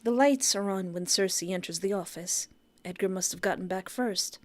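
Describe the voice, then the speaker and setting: A woman streamer reading a visual novel aloud, breaking in with excitable, gushing asides. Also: mid-range voice, moderate pace. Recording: background game music.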